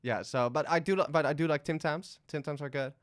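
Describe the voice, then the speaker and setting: A man's voice: on the high side, brisk. A man from the Netherlands, hosting a casual interview podcast and asking curious, teasing questions. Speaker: podcast host.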